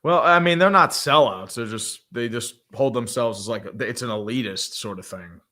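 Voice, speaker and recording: Bright, blunt sports-podcast guy. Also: medium pitch, normal speed. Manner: blunt, sarcastic, reads viewer messages aloud. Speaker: podcast co-host. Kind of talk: casual sports chat.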